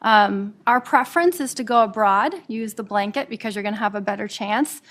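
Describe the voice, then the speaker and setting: A woman from Nebraska, an immigration attorney, presenting a webinar quickly with frequent "um"s and repeated words. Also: medium pitch, a bit bright. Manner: fast-talking, with frequent fillers and repeated words. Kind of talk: professional presentation.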